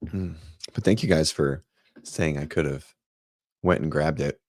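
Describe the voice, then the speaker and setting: A man's voice: very deep voice, unhurried, a little mellow, no echo, clean studio sound. A man hosting a casual morning fitness livestream from home, chatting loosely, greeting viewers by name and rambling as he goes. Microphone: desk microphone.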